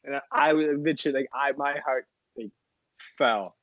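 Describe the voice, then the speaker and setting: Young man telling a halting story. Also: medium pitch, a crowd in the background. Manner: halting, restarts often. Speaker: podcast co-host. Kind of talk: casual storytelling chat. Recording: dry, dull lo-fi audio.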